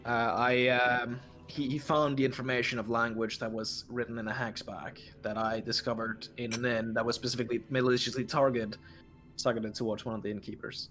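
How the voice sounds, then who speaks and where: A man's voice: medium pitch, flat delivery, a little fast, fairly bright tone. A man playing a tabletop game, joking and laid-back. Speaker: player. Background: faint background music.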